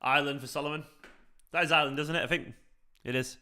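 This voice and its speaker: Chatty bright-voiced fan host. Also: male voice, on the high side, fairly even intonation, fast talker. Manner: chatty, reacts to play and greets viewers by name. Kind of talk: live match watchalong commentary, reading chat.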